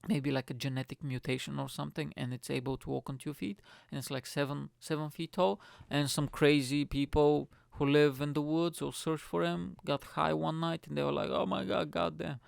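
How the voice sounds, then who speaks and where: Young male podcast host, gravelly voice, dry close sound, sweary self-mocking ramble. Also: a little high, flat delivery, normal speed, few pauses, no room sound. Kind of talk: casual solo rant.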